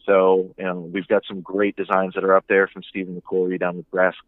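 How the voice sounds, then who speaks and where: A man who plays in a band, chatting casually in an interview and plugging his music in a relaxed, upbeat way with lots of fillers. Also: low voice, brisk, no room sound, phone-quality sound. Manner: relaxed, upbeat, filler-heavy promo talk.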